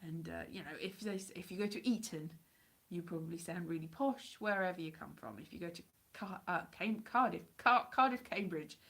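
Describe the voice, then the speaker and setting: A woman's voice: fairly low pitch, normal speed, a bit bright. A woman from Wales with a Welsh accent blurred by years in England, chatting in a rambling, self-deprecating way on a live stream. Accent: Welsh mixed with English Midlands. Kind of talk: rambling casual chat.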